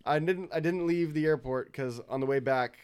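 A man's voice: a little high, moderate pace, darkish tone, smooth. A young man from Northern California telling easygoing stories in a casual chat. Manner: easygoing storyteller, laughs between lines. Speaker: conversation participant.

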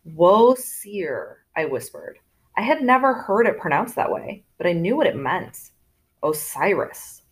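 A woman narrating a storybook in first person with expressive delivery, voicing characters in turn. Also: lowish voice, moderate pace. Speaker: audiobook narrator.

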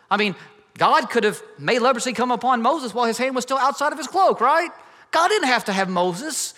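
Preacher, man in his 30s, bright tenor delivery, reverberant sanctuary. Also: sits high. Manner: emphatic preaching, acts out quoted voices. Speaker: pastor. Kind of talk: sermon. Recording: reverberant hall.

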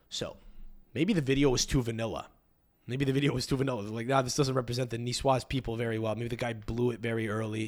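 A man's voice: a little high, fairly bright tone. A young man hosting a podcast, riffing casually with crude profanity and rambling restarts. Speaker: podcast host.

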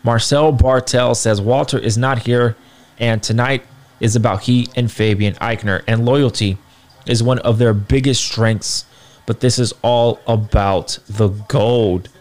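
A young man giving a casual, slangy spoken recap of a wrestling show, often checking in with listeners. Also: mid-range voice. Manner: loose slangy talk with fillers, asks listeners for agreement.

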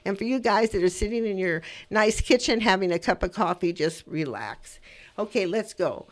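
A woman hosting a radio talk show, telling personal stories in an animated way and speaking straight to her listeners. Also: medium pitch, brisk. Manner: animated storytelling, addresses listeners directly. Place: radio studio.

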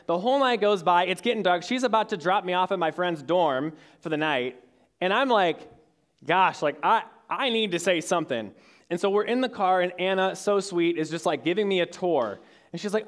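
Chatty young man with a high, smooth voice. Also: animated, a little fast. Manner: chatty storytelling with many fillers and restarts. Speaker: youth speaker. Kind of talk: casual sermon to young adults. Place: church hall with audience.

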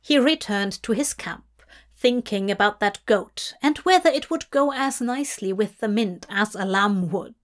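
A woman narrating a story in a measured, even storytelling manner. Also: medium pitch.

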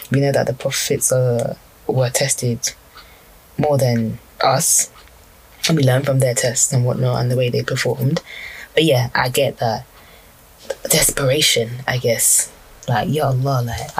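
A man's voice: mid-range voice, a little hiss or hum, rough recording. A young man with a hesitant, rambling way of talking, reflecting aloud in a casual monologue full of restarts. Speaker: speaker reflecting on personal prayers.

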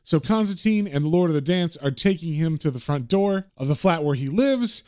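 A man with a fairly high voice recaps a comic book in casual, chatty narration. He tells the story in a relaxed, conversational way, as if talking to friends. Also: normal speed.

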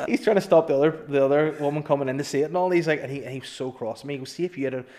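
A man's voice: a little high, very fast, a little mellow. A man in casual chat, telling anecdotes, swearing and acting out what people said. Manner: swearing, laughs through his stories, acts out dialogue. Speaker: storyteller guest.

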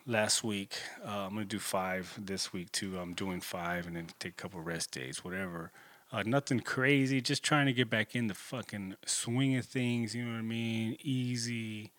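A man's voice: fairly low pitch, a little slow, a bit bright, no room sound. A man, rambling casually and profanely with lots of fillers in a solo monologue. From Corpus Christi, Texas. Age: 30s. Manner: laid-back, profane, rambling with many fillers. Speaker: vlogger.

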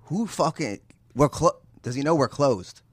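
A man's voice: a little high, animated, measured pace, breathy edge, no echo, studio quality. A man in an improvised comedy sketch, brash and teasing, swearing freely.

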